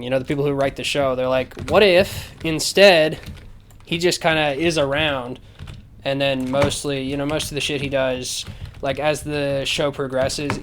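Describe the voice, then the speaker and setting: A man's voice: mid-range voice, slight background noise. A man ranting casually on a podcast, sarcastic and profane, rambling with lots of fillers, close to the mic. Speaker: podcast host. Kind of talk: casual rant. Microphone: close microphone.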